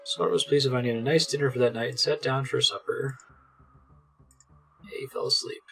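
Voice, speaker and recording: A man's voice: mid-range voice, fairly quick, vocal fry, fairly bright tone, husky. A man doing gameplay commentary, reading the game text aloud with wry, amused asides. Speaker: let's play streamer.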